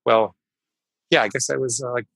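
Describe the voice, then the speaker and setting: A man's voice: medium pitch, fairly even intonation, moderate pace, creaky, fairly bright tone, no room sound, low-quality recording. A man in his fifties, a psychologist guest in an interview, explaining things emphatically and repeating key phrases. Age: 50s. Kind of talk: conversational interview storytelling.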